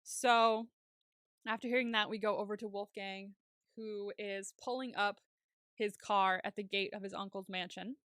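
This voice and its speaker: A woman co-hosting a podcast, recapping a TV episode in casual chat, chatty and quick to laugh, with some casual swearing. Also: mid-range voice, fairly even intonation, fairly bright tone, smooth, no echo, clean studio sound. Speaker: podcast co-host.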